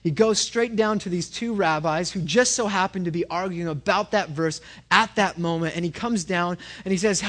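A man's voice: high-pitched, normal speed, hardly any pauses, fairly bright tone. A man preaching a sermon in a conversational way, often stumbling and repeating words as he restarts. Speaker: pastor.

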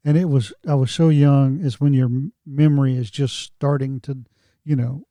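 A man's voice: medium pitch, steady tone, moderate pace, mellow, no echo, clean studio sound. A middle-aged man co-hosting a podcast, telling wry, joking stories in a casual chat. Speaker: podcast co-host.

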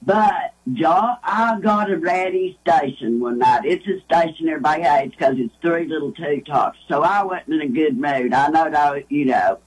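Husky folksy woman. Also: low voice, normal speed, few pauses, darkish tone, poor audio. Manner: rambling, folksy, lots of restarts. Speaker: guest. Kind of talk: casual storytelling.

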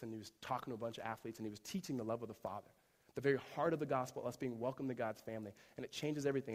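A man preaching a sermon as pastor, telling a story with growing energy and then dropping to a soft, close tone. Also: mid-range voice. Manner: animated storytelling, rising loud in climaxes, hushed in tender moments. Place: church sanctuary. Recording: reverberant church hall.

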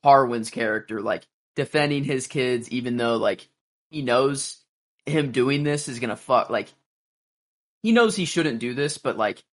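A man talking through a TV episode with his co-host, relaxed and musing, often pausing to find his words. His voice sits at a middle pitch for a man. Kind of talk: casual show recap chat.

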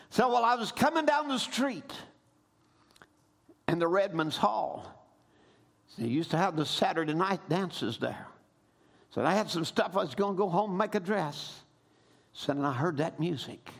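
A man preaching a sermon, retelling stories, breaking into shouts and calling for amens. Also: sits high, lively intonation, normal speed, gravelly, pauses often. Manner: preaching with rising shouts and call-and-response amens.

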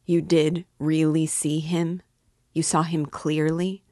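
A woman's voice: sits low, level tone, slow pace, warm tone, no room sound, studio quality. Raskolnikov, a woman reading a brooding young man. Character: brooding, feverish young man, a troubled student.

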